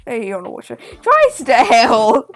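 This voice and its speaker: A woman's voice: on the high side, sing-song, a little slow, slightly rough, no room sound, soft background music. A woman streamer giving joking, teasing and crude commentary while playing a game. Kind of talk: casual gameplay commentary.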